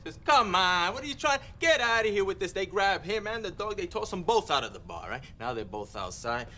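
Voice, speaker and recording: An actor playing a wisecracking cop who goes undercover as a gun dealer and loves telling jokes. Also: male voice, fairly high pitch, a little fast, slight background noise, lightly acted. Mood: joking. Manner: joking, lively storyteller. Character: wisecracking street cop, jokey and brash. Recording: film soundtrack with loud score. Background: music.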